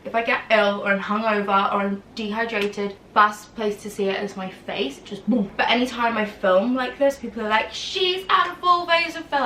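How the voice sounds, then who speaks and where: A bright, chatty young woman in her early twenties talks loosely to camera, full of "like" and asides. Her voice rings around an echoey room, a little off-mic with faint hiss underneath. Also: mid-range voice, far from the mic. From England. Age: early 20s. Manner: rambling, lots of "like", quick asides. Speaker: vlogger. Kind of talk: casual chatty vlog.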